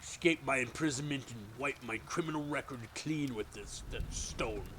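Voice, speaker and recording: A man voicing a gruff, bearded male prisoner who is surly and defiant. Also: medium pitch, moderate pace, background noise, pitched above the performer's own voice, lightly acted. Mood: grumbling. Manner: rough, snappish, dismissive.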